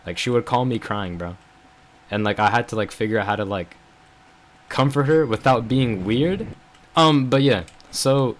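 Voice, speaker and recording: In a casual vlog, a young man with a mid-range voice tells a frustrated, rambling story heavy on fillers like "bro" and "like." A little hiss or hum sits under the recording.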